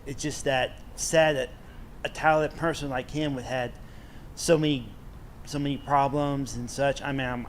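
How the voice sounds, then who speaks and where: A man's voice: mid-range voice, slight background noise. A man interviewing a guest on a panel, asking casual questions in a rambling way with many restarts. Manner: rambling, restarts often, stammers.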